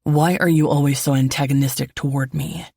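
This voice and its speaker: A woman narrator voicing a protective, commanding man in a calm, firm tone, close to her own low voice. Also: a little fast, vocal fry, breathy edge, no echo, exaggerated voice. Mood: firm caring.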